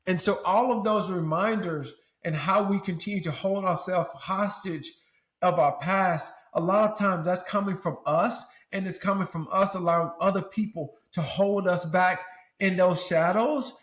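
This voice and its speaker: A middle-aged man with a fairly high voice talks earnestly in an interview. He builds into emotional, preacher-like swells, and the sound carries a roomy echo. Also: a little slow. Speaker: podcast host and former pro athlete. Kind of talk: candid interview talk.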